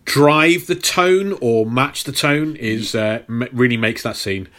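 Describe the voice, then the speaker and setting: A man co-hosting a casual film podcast, agreeing and adding thoughts in a measured, slightly halting way. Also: mid-range voice, a bit bright. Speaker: podcast co-host.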